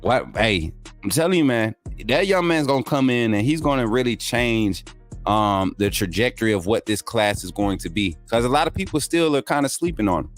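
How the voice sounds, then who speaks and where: A male host talks in a loose, hyped way, full of slang and repetition. His voice sits in a middle pitch. Faint music plays underneath. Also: animated, normal speed. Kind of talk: casual live-stream talk.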